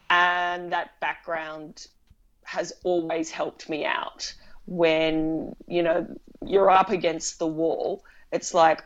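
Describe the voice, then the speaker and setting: A woman's voice: on the low side, slow, highs cut off. Chatty woman director. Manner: chatty, animated storytelling with laughs. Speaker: film director. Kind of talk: casual interview conversation.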